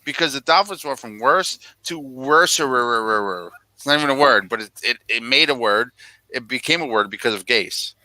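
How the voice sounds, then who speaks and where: A man's voice: medium pitch, animated, moderate pace, pushed and bright, dry recording, poor audio. A man co-hosting a casual sports podcast, ranting in mock anger about football teams. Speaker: podcast co-host.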